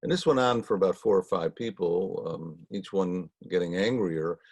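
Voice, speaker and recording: A man with a very low, gravelly voice leads a Torah study, telling folksy stories at an easy, conversational clip. His tone is husky and the recording is close and dry. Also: moderate pace, darkish tone, dry recording. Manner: folksy, conversational, frequent ums. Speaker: teacher leading Torah study. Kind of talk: storytelling talk.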